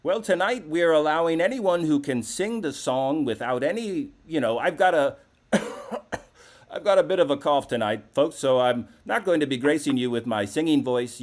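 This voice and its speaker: A man hosting a live call-in comedy show, talking in a brash, profane, rambling way. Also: medium pitch. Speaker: host.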